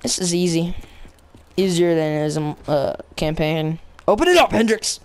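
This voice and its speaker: A young channel host giving playful, excitable commentary over a zombie game. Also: mid-range voice, normal speed. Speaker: gameplay commentator.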